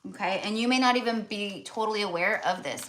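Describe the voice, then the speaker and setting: A woman's voice: medium pitch, fast, noisy background. Chatty American woman reading tarot. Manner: chatty, with many fillers and restarts. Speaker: tarot reader. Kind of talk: casual spiritual reading.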